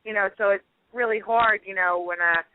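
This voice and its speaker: A woman with a Philadelphia accent, a home cook telling lively stories as a radio guest, laughing often and filling her talk with "you know" and "like.". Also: medium pitch, normal speed, slight background noise. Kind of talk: phone-in radio interview. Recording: tinny phone line.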